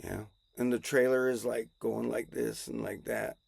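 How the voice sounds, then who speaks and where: Slow, gravelly rambling male storyteller. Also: mid-range voice, steady tone, a little mellow, dry recording. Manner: rambling, chuckling, self-correcting. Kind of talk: casual improvised storytelling.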